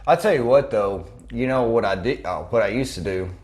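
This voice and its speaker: A man's voice: medium pitch, lively intonation, fairly quick, darkish tone. A man in his thirties co-hosting a podcast, talking bluntly and casually over drinks, with easy swearing. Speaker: podcast co-host.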